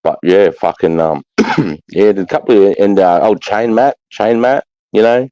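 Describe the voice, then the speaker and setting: A deep, mellow-voiced Australian man in his fifties rambles through blokey stories, swearing at every turn. The sound is dry and a little dull, close with no room around it. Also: normal speed, no room sound. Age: 50s. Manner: rambling, profane, blokey storytelling. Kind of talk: casual chat.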